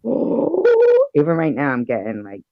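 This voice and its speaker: A man's voice: mid-range voice, moderate pace, no echo. Rambling man hosting a livestream. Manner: rambling, swears freely, lots of fillers. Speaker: livestream host. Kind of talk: casual chat. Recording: dry, dull lo-fi stream audio.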